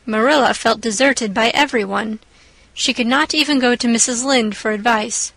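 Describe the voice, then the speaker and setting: A woman narrating a classic storybook audiobook in a measured, expressive way. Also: on the high side, dry recording, low-quality recording.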